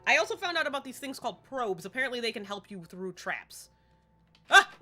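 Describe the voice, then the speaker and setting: A woman's voice: fairly high pitch, very animated, brisk, bright, forceful tone, faint music behind. A woman livestreaming a game at home, chatty and self-deprecating in casual gameplay commentary.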